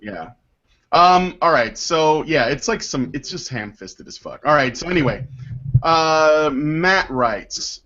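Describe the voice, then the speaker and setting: A man's voice: fairly high pitch, expressive, slow pace, pushed and bright. A man hosting a casual podcast, rambling with many fillers and swearing freely while reading listener mail. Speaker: podcast host. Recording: dull lo-fi podcast audio.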